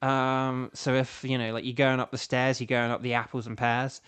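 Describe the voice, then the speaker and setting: A man's voice: mid-range voice, level tone, moderate pace, fairly bright tone, clean tone. Chatty British man streaming a game. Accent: British English. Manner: rambling, chatty, many fillers and restarts. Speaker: streamer and voice actor. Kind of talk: casual gaming livestream chat.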